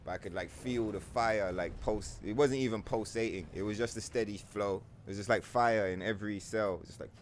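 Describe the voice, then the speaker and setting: Young guy streamer ranting loose and sweary, lowish voice, faint hiss behind. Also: fairly quick, hardly any pauses. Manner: profane, animated, slips into mock voices. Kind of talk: casual livestream rant while gaming.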